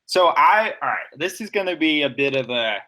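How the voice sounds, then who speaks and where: A man's voice: fairly high pitch, expressive, moderate pace, pushed and bright. Eager nerdy man talking poetry. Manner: enthusiastic, nerdy, analytical, talks through examples. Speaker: podcast co-host. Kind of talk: casual poetry discussion.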